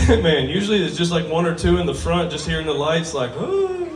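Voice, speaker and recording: On a bar stage in front of a live crowd, a drawling man does crude, self-mocking stand-up in a slightly high voice at a fairly quick pace. The recording has a roomy bar sound from a distant mic.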